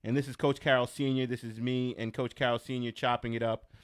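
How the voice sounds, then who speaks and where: A man hosting a sports podcast in casual chat, laid-back and laughing often with quick asides, in a small studio. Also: mid-range voice, flat delivery, smooth, no room sound. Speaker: podcast host.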